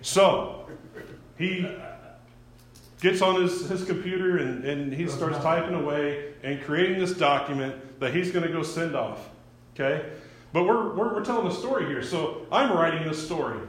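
A man's voice: on the high side, normal speed, echoey room, a little hiss or hum. A man preaching a sermon as a pastor in a church. He talks conversationally, often restarts his words and poses questions to the congregation. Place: church sanctuary.

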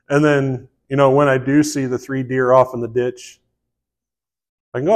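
A man's voice: mid-range voice, little pitch movement, measured pace, pauses often. A man preaching a sermon in a folksy, conversational way, with asides and restarts. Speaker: pastor.

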